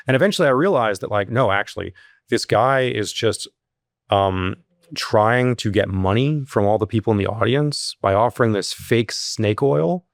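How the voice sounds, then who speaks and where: A man who runs a security company, telling stories in a casual interview, full of fillers and restarts, jumping much higher in pitch when he acts out what people said. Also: moderate pace, no room sound, clean studio sound. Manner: animated, rises sharply when acting out quotes. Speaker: security company CEO, guest.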